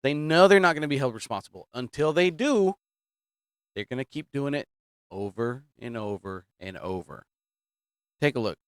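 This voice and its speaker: A man's voice: medium pitch, lively intonation, normal speed, pauses often, smooth, no room sound, studio quality. A man hosting political commentary, talking casually and emphatically, repeating his points and drifting off topic. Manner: repetitive, emphatic, digressing.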